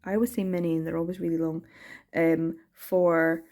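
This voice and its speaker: A Scottish woman chatting casually in a reading vlog, animated and quick to laugh, with the odd swear word for emphasis. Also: deep voice. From Scotland. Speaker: manga reading vlogger.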